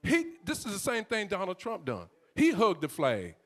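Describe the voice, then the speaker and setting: A man explains a photo in casual commentary, talking in an excited way. His voice runs high and moves a lot. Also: moderate pace. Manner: laughing, excited. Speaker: church captain.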